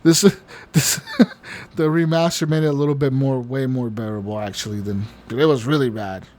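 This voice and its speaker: A man's voice: medium pitch, normal speed, a little mellow. A man co-hosting a podcast, telling a long story in casual chat, rambling and profane, often laughing. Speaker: podcast co-host.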